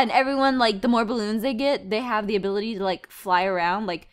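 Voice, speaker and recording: A woman hosting a casual gameplay video, excitable and full of exclamations, sometimes spinning playful stories. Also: medium pitch, fast, clean tone. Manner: playful storytelling. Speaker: gaming video host.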